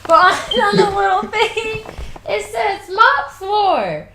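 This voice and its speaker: A woman's voice: very high voice, a little slow, a little hiss or hum. A sleepy woman co-hosting a podcast, telling stories with laughter in casual chat. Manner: laughing, animated storytelling. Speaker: podcast co-host.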